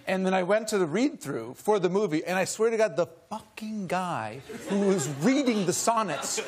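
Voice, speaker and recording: Male guest actor, slightly high voice, halting self-deprecating storyteller, big audience noise around him. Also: lively intonation, a crowd in the background. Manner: rambling, self-deprecating, many restarts. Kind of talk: talk show anecdote. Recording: studio with loud audience.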